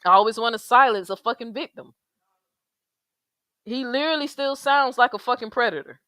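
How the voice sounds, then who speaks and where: Profane, outraged woman streamer, bright voice. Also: a little high, moderate pace, no echo, clean studio sound. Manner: blunt, profane, emphatic, heavy slang. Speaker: commentary streamer. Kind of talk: outraged livestream commentary.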